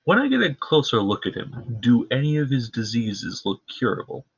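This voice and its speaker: A man's voice: medium pitch, big pitch swings, moderate pace, slightly rough. A man playing in a tabletop game, talking casually with dry, wry quips. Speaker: player. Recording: dull, lo-fi stream audio.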